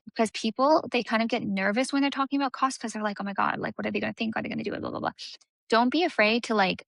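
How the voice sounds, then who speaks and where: A woman's voice: mid-range voice, a bit bright, dry recording. A young woman coaching in a casual teaching talk, chatty and full of fillers, acting out what clients might say. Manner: chatty, many "like" fillers, acts out client voices. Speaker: aesthetics business coach.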